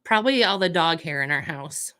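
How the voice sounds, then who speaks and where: A woman's voice: sits low, animated, brisk, bright, forceful tone. A woman, a contestant on a radio quiz, giving short, laughing answers about her husband. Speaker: game show contestant. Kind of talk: casual radio chat.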